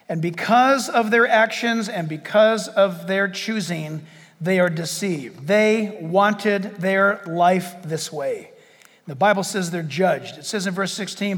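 A male pastor preaching a sermon in an animated way, acting out scenes and laughing often. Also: high voice, in a large hall.

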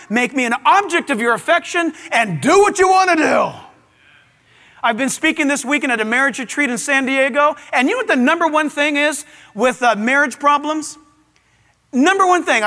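A man preaching a sermon to a live audience in a large auditorium, animated, with playful asides. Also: very high voice, in a large hall. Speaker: pastor.

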